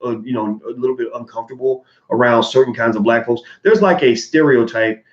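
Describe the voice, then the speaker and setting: A man's voice: medium pitch, fairly quick. Earnest man on a roomy, dull stream. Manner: earnest and candid, with frequent fillers and restarts. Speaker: channel host answering viewer donations. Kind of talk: casual livestream commentary.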